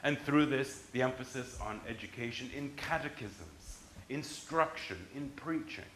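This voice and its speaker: A man's voice: medium pitch, expressive, a little slow, fairly bright tone, reverberant, slight background noise, low-quality recording. A man giving a university history lecture, emphatic and restarting his sentences as he explains.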